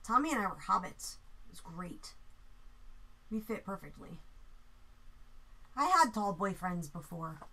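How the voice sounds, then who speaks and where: Bright-voiced joking woman streamer. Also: medium pitch. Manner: animated, joking, swears freely, mimics people in quick asides. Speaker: artist hosting a live painting stream. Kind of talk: casual chat while painting.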